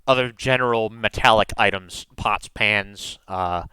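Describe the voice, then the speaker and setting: Guy gm narrating a tabletop game, bright clear voice, lots of uhs and likes. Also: fairly low pitch, a little slow, no room sound, low-quality recording. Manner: casual, many "uh" and "like" fillers. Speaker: game master.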